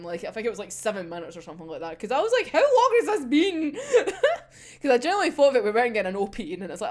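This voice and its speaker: A woman casually discussing an anime episode, animated and sweary, often breaking into laughter. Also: fairly high pitch.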